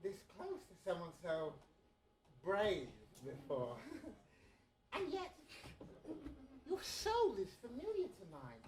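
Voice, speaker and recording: A woman voicing a swooning, lovesick male emperor in a comedic audio play, breathy, giggly and flirtatious. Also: medium pitch, huge pitch swings, takes it slowly, long pauses, roomy sound.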